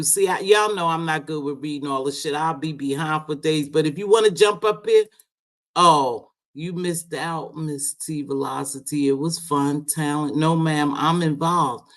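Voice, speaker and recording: Chatty woman hosting a live stream. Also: fairly low pitch. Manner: chatty, swears, calls people sweetheart and baby. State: unwell after medication. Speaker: livestream host. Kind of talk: casual live chat.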